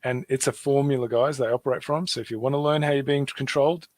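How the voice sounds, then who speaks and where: A man's voice: mid-range voice, fairly even intonation, quick pace, darkish tone, no room sound. A man with an Australian accent hosting an online show, talking earnestly and casually, repeating himself with fillers. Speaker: host.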